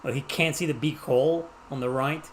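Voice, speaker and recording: A man's voice: medium pitch, steady tone, fairly quick, a little hiss or hum. A man from Mexico with a Mexican accent streaming a game live, chatting casually and teasing the characters on screen. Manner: casual, joking, teases the game's characters. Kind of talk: live gameplay commentary.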